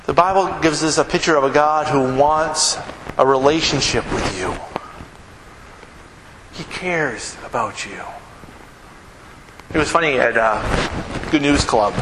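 A man's voice: on the high side, unhurried, long pauses. A male pastor preaching a sermon with lots of energy, acting out the people he quotes. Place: church sanctuary. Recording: echoey hall with room noise.

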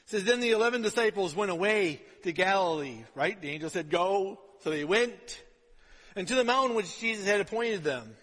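A man's voice: high voice, animated, moderate pace, fairly bright tone. A man preaching a sermon as pastor, chatty and informal, often asking the congregation "right?" to check they follow. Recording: long hall reverb.

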